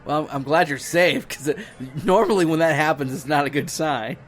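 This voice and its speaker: A man's voice: fairly high pitch, a bit bright. A man co-hosting a podcast in casual chat, laughing often and restarting sentences. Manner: laughs easily, halting restarts. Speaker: podcast co-host.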